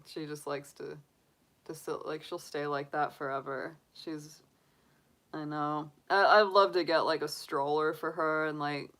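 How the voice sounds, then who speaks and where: A woman's voice: sits low, steady tone, measured pace, a bit bright. A middle-aged woman, a tarot reader, chatting casually on a stream, gushing and cooing and laughing easily. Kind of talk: casual chat on a live stream.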